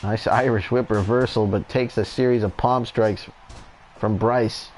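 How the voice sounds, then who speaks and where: A man doing relaxed, chatty play-by-play commentary over a wrestling video game, going off on tangents now and then. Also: fairly low pitch, measured pace, slight background noise.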